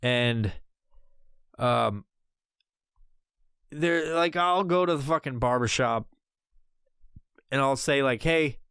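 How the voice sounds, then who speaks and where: A man's voice: mid-range voice, slow, long pauses, a bit bright, clear, resonant tone, no echo, studio quality. A man hosting a podcast, ranting casually and profanely through a headset mic, rambling with many restarts. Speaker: podcast host.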